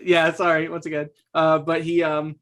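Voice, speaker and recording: A man's voice: a little high, monotone, normal speed, fairly bright tone. A man playing a tabletop game, rambling through his character's actions with many fillers.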